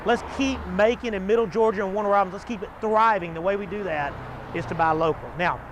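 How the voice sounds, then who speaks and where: A man's voice: sits high, fast, noisy background. A middle-aged man, speaking as a store spokesman and host in a chatty, earnest way and stumbling over scripted lines. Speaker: store spokesman hosting a showcase show. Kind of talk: casual folksy pitch to viewers.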